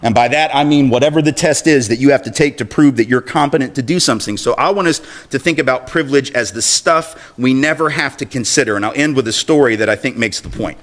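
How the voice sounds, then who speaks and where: A fast-talking man with a medium-pitched voice barely pauses as he gives a public speech as an activist. He tells a personal story in a conversational, self-deprecating way, chuckling as he acts out the voices in it.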